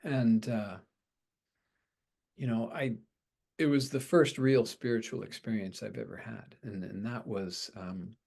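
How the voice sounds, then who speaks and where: A man recounting a personal spiritual experience in an interview, talking slowly and hesitantly, with restarts and soft trailing phrases. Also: fairly low pitch, vocal fry, slightly rough. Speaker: astrology teacher and practitioner. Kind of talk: personal story told in an interview.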